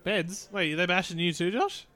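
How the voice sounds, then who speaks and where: Guy on a podcast swearing constantly, kinda high voice, just messing around. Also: normal speed, sharp tone. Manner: swears heavily, jokey. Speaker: podcast co-host. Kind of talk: casual podcast banter.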